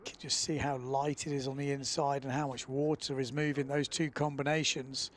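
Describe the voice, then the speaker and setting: A man commentating live on a windsurfing event in a relaxed, chatty way, often filling pauses with "uh". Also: medium pitch, slight background noise.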